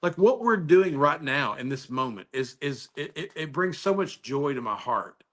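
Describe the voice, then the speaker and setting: Enthusiastic man with a bright voice. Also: on the high side, sing-song, moderate pace. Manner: enthusiastic storyteller, many restarts. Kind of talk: casual chat. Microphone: video call.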